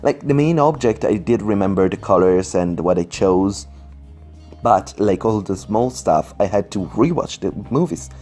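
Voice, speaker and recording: Faint music plays behind a man who narrates his Sims speedbuild at home, computer on his lap, at a normal speed. His voice is on the low side, expressive and mellow, and as a non-native English speaker he rambles with plenty of fillers and apologies.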